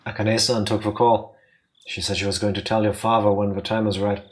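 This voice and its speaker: A man's voice: fairly low pitch, level tone, a little fast, pitched below the performer's own voice, close to an everyday voice. Loyal earnest manservant, polite and plain, visual novel read-aloud, voiced by a man.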